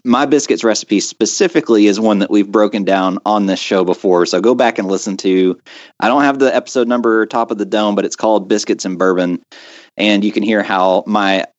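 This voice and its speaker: A man's voice: lowish voice, brisk, dry recording, lo-fi sound. A man co-hosting a casual food podcast, chatty and laid-back, telling stories with lots of fillers. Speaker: podcast co-host. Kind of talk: casual chat.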